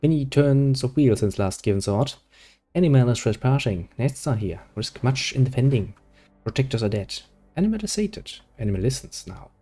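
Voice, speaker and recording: A man voicing an ancient spider-faced alien creature that speaks in slow, broken phrases while he reads game dialogue aloud. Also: mid-range voice, big pitch swings, mellow. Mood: halting. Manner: halting broken speech, slow and strange.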